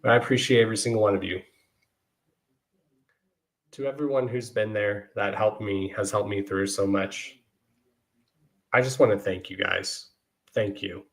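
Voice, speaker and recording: A man's voice: on the low side, fairly even intonation, normal speed, creaky, pauses often. A man hosting his podcast, speaking earnestly and emotionally to his listeners, often repeating "y'all". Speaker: podcast host. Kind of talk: heartfelt podcast monologue.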